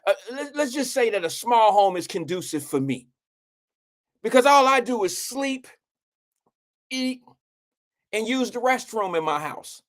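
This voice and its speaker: A man's voice: extremely high pitch, very animated, a little slow, long pauses. A middle-aged man hosting a live show, rambling candidly in casual chat and talking straight to his viewers by name. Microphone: live-stream microphone.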